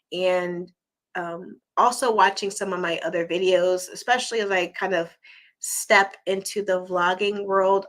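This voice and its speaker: Woman, livestream host, casual chat, bright clear tone, a bit low-pitched, voice going hoarse. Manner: chatty, encouraging, reads viewer comments aloud. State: losing her voice.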